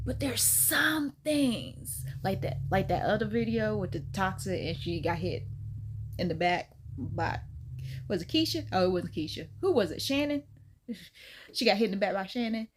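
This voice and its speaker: A woman host chatting casually in reaction, giggly and animated. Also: normal speed, a little hiss or hum. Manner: animated and giggly, swooping pitch.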